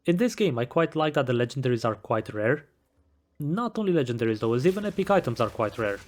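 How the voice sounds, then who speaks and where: A man's voice: mid-range voice, animated, quick pace. Wry man narrating a game review. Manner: wry, self-deprecating humor. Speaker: gaming video creator. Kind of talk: scripted game review voice-over.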